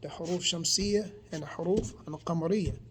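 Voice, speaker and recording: A man's voice: a little high, fairly quick, a little hiss or hum. A man giving a casual spoken lesson, explaining patiently and checking in with his listeners as he goes. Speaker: teacher.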